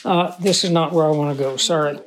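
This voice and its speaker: A man preaching a Bible teaching sermon in a conversational way, asking the audience questions and reading scripture slowly with emphasis. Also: on the high side, fairly even intonation. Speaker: pastor.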